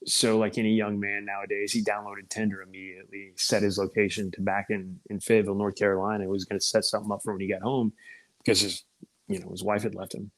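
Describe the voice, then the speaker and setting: A man with a low voice telling a war story in casual talk. He is laid-back and swears freely, and his voice turns lively when he quotes others. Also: quick pace, rough recording. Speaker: guest, former first sergeant.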